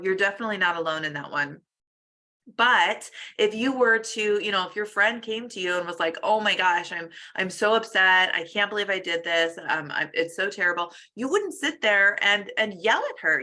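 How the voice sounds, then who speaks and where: An upbeat coach with a bright, forceful voice gives motivational tips on a weekly show. Her delivery is casual and chatty, full of little restarts and fillers. Her voice sits at an ordinary middle pitch for a woman. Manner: encouraging, conversational, many fillers and restarts. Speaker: weight loss coach and show host.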